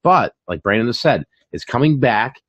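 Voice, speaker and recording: Here a medium-pitched, fairly bright male voice comes through very animated at normal speed, lo-fi and without echo. The channel host and online reseller keeps a casual live-stream chat about online reselling going, chatty and full of fillers and repeated words.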